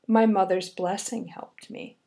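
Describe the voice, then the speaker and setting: A woman's voice: mid-range voice, fairly even intonation, a little slow, gravelly, warm tone. A woman voicing Vasilisa, a polite, timid young girl in a read-aloud fairy tale.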